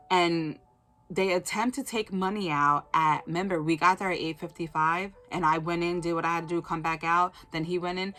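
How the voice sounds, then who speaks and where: A woman's voice: low-pitched, a bit bright. A young woman telling a personal faith testimony as a casual story, acting out the quotes and saying "like" a lot.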